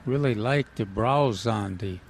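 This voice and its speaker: A man co-hosting a casual gardening radio chat, talking haltingly with many fillers and restarts. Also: fairly low pitch. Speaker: gardening show co-host. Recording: outdoor nursery with faint noise.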